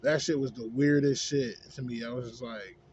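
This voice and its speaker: A man's voice: mid-range voice, fairly even intonation, normal speed, darkish tone. A man in a casual, rambling rant, heavy on swearing and on "you know what I'm saying". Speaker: vlogger. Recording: dull lo-fi with faint background noise.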